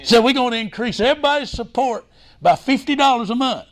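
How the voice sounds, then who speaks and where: A man preaching a revival sermon as a missionary, fervent and exclaiming glory and hallelujah, breaking in with "hey, listen" and sudden shouts. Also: very high-pitched, lively intonation, fairly quick.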